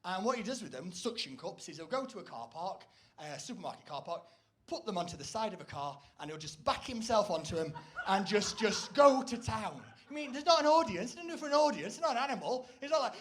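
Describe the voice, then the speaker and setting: A man performing a rambling, self-deprecating stand-up comedy set on stage, breaking into loud, shrill impressions. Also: lively intonation, normal speed. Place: stage before a live audience.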